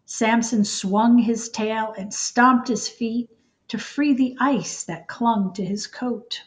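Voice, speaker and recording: A woman reading a children's storybook aloud in an expressive, unhurried way. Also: a little high. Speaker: storybook reader.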